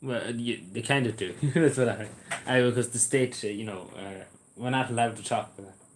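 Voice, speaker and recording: A man's voice: medium pitch, fairly quick, slight background noise. An Irish man hosting a live stream, chatting casually in a blunt, rambling way and swearing freely, recorded on a camera mic indoors. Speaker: livestream host. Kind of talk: casual chat to a live audience.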